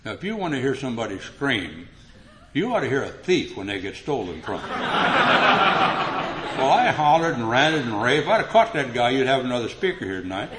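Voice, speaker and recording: Older male speaker at a meeting, humorous story delivered with lively acted-out dialogue, mid pitch. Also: a little fast, noisy background. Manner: animated, rises in pitch when acting out dialogue. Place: meeting room before an audience.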